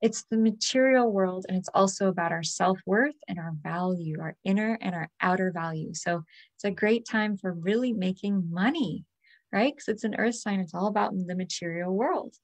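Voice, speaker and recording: A woman energy healer leading a guided release meditation, talking in a soft, invoking, repetitive way. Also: medium pitch, moderate pace, no echo.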